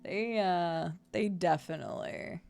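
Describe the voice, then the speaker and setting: Chatty woman with a gravelly edge. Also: lowish voice, measured pace, darkish tone, slight background noise. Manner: chatty, playful, sing-song filler noises. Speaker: streamer. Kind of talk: casual gameplay commentary. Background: game music.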